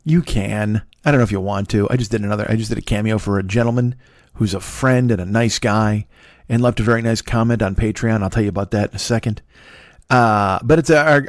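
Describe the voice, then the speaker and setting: A man's voice: lowish voice, dry recording, clean studio sound. A man in his fifties hosting a solo comedy podcast, rambling in a profane, self-mocking way with wandering asides. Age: 50s. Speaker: podcast host.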